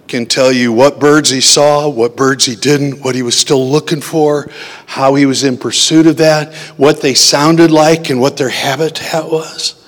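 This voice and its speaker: A man preaching a sermon in a conversational way, often asking his listeners questions. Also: a little high. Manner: conversational, asks the audience questions. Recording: long hall reverb.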